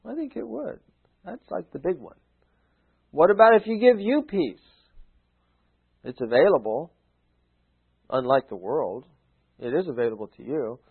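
A man's voice: mid-range voice, expressive, measured pace, pauses often, breathy edge, phone-quality sound. Folksy preacher man, phone-thin sound. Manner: folksy, exhorting, swings from loud to hushed. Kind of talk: sermon.

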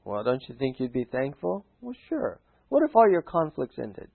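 A man preaching a folksy sermon, urging his listeners, swinging from loud appeals to hushed asides. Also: mid-range voice, sing-song, a little fast, gravelly. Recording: phone-like narrow sound.

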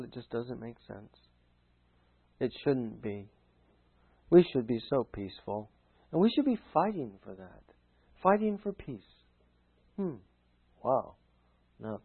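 A man preaching a folksy sermon, urging his listeners, swinging from loud appeals to hushed asides. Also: fairly high pitch, slightly rough. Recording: phone-like narrow sound.

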